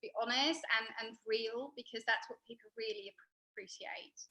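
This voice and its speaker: A woman's voice: fairly high pitch, moderate pace, sharp tone, low-quality recording. A woman guest in a casual live chat, giving earnest, encouraging advice.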